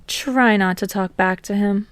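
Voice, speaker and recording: Woman as soft-spoken young receptionist. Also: mid-range voice, fairly even intonation, a little slow, clear, resonant tone, no echo, close to an everyday voice. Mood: polite. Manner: soft, pleasant, businesslike. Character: polite young female agency receptionist, soft and pleasant.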